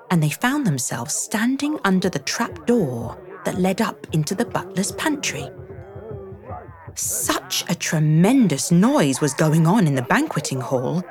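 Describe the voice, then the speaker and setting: A woman reading a classic storybook aloud with an expressive, dramatic manner. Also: fairly low pitch. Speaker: narrator.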